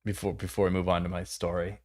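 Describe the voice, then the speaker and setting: A man's voice: sits low, level tone, quick pace, darkish tone, no echo, studio quality. A man hosting a livestream, talking bluntly and opinionated, swearing casually as he reacts to clips. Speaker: livestream host.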